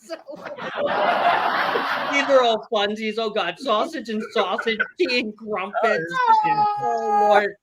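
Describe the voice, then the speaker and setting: A man's voice: extremely high pitch, wildly swooping pitch, takes it slowly, very noisy. A man hosting a casual live-stream game show, laughing often and reading viewer chat aloud.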